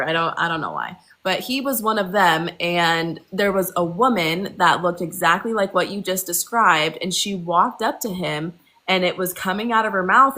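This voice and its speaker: A woman's voice: lowish voice, pushed and bright, rough recording. A woman guest on a casual live chat, retelling a story she read, with hesitant restarts.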